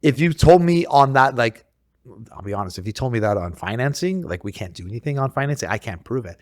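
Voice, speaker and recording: A man's voice: mid-range voice, fast, no echo. A man working as a realtor, chatting casually on a podcast and telling a story in which he acts out what the other people said. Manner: animated storytelling, acts out quoted exchanges.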